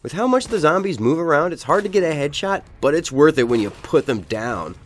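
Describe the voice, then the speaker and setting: A man's voice: fairly high pitch, brisk. A man giving a comedic, profane game review voice-over. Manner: profane, animated.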